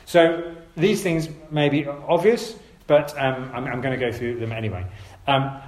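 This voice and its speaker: Male preacher, mid-pitched, earnest and gentle exhortation, roomy church sound. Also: measured pace. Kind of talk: sermon.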